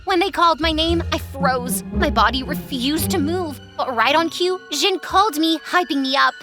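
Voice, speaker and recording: A young woman narrating her animated life story in a bubbly, chatty first-person voice, with music underneath. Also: high voice, moderate pace.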